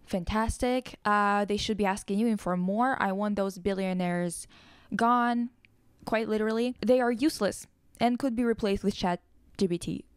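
A woman's voice: mid-range voice, a little mellow, smooth, no room sound. A young woman vlogger giving a blunt, profane, exasperated rant about pop culture. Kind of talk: casual ranting commentary.

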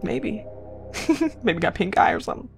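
A woman's voice: mid-range voice, big pitch swings, unhurried, gravelly, soft background music. A young woman giving chatty, playful commentary on a game she is playing, talking straight to her viewers. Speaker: let's play gamer. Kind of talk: casual gameplay commentary.

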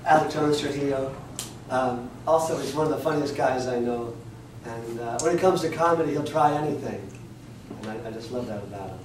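A man with a middle-pitched voice speaks in a flat, wistful deadpan. He is far from the mic in a strongly echoing space, with steady noise behind him. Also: a little fast. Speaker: comedian.

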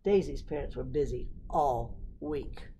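A woman reading a picture book aloud for a library storytime, expressive and stopping to ask the listeners questions. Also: extremely low pitch, a little slow, a little hiss or hum.

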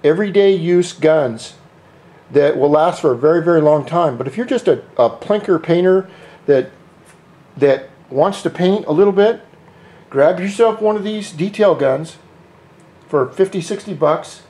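A middle-aged man talks through a casual how-to vlog, drifting into tangents, jokes and freely thrown curse words. His voice sits a little higher than most men's. He speaks from his home workshop while spray painting. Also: unhurried, mellow. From United States. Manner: rambling, joking, cusses freely. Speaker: scooter hobbyist vlogger.

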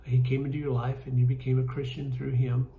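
A man with a Kentucky accent leading a church Bible study, folksy and halting, with many fillers and restarts. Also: mid-range voice, completely flat delivery, mellow, roomy sound, slight background noise, rough recording. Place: church room.

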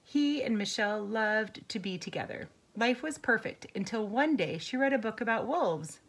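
A woman teacher reading a picture book aloud to children, slow, clear and patient. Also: a little high, expressive.

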